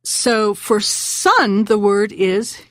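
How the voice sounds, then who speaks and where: A woman hosting a radio language lesson, patiently slowing down and repeating words. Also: medium pitch, lively intonation, no echo, studio quality.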